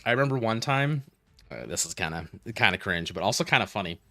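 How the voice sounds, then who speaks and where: A man streaming a game, chatting casually with viewers and telling rambling, animated stories between moves. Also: on the low side, fast, soft background music. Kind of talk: casual gaming stream chat.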